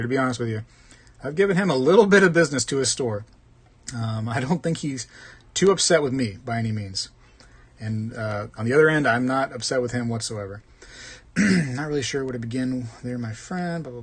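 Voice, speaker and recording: A man hosts a live stream in a loose, conversational way, reading viewer comments aloud and answering them one by one. He jokes around and calls people "man" often. His voice sits at an ordinary middle pitch. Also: fairly bright tone. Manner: chatty and joking, says "man" often. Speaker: host of a live coin collecting stream.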